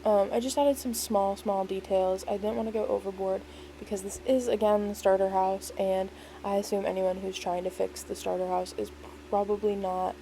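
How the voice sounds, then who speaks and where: A woman's voice: mid-range voice, dark tone, a little hiss or hum, poor audio. A woman casually narrating a voice-over walkthrough of a game build, rambling and easygoing, with lots of "like" and "um". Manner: rambling, filler-heavy, lots of "like" and "um"; self-deprecating, easygoing.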